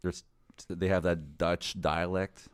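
A man with a very deep, low voice joins a casual movie debate. He speaks haltingly and searches for his words mid-sentence. The sound is dry and close to the mic. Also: steady tone, clean tone, dry recording. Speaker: podcast co-host.

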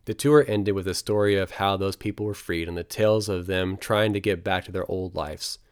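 A man reading his travel memoir aloud as scripted narration, in a quiet, somber storytelling manner. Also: deep voice, steady tone, moderate pace, smooth, no echo, studio quality.

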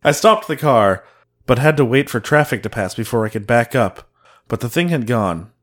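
A man's voice: mid-range voice, lively intonation, moderate pace. A man hosting a podcast who reads case notes aloud in casual chat, laughing and joking between lines. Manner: laughs while reading, jokey asides. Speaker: podcast host reading the case.

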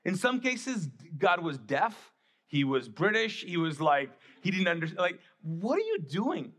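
Husky-voiced male pastor preaching. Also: high voice, expressive, unhurried, bright, forceful tone. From Middle East. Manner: conversational, emphatic preaching. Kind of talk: sermon.

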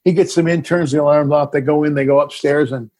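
A man's voice: a little high, fairly even intonation, fast, darkish tone. A middle-aged man, a filmmaker guest in a casual interview, telling a story animatedly and acting out the scenes.

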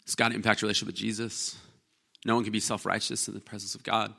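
A man preaching from the pulpit in a loose, conversational way. His voice is bright and forward, and he slips into little acted-out voices for the people he describes. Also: lowish voice, fast talker, vocal fry. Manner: conversational, animated, acts out quoted voices. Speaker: pastor. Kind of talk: sermon.

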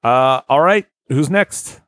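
A man's voice: medium pitch, takes it slowly, dry recording, studio quality. A man in his thirties hosting a podcast, chatting casually and joking around. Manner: lively, jokey, laughs easily. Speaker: podcast host. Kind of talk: casual chat.

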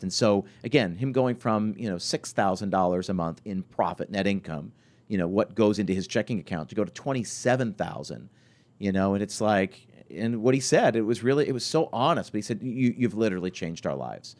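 A man in his forties, a podcast host and restaurant consultant, telling stories in a conversational interview with lots of restarts and fillers. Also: on the low side. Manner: animated storytelling, many restarts and fillers.

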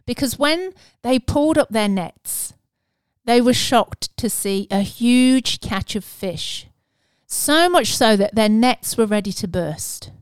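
A woman's voice: fairly high pitch, expressive, takes it slowly, smooth, no room sound. Earnest woman giving a casual sermon. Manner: earnest, conversational, with fillers and restarts. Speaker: preacher.

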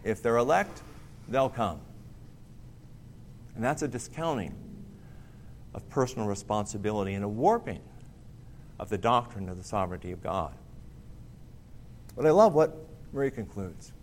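A man preaching a sermon in an earnest, emphatic way, pausing and restarting often. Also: lowish voice, very animated, a little hiss or hum.

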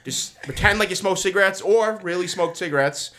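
A man's voice: sits high, fairly quick, pushed and bright. A young man co-hosting a podcast, telling a rambling, profane story in casual chat with many restarts. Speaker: podcast co-host.

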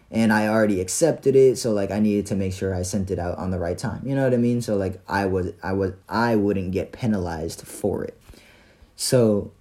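A young man casually telling a story about his day, animated and profane, full of slang and fillers. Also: fairly low pitch.

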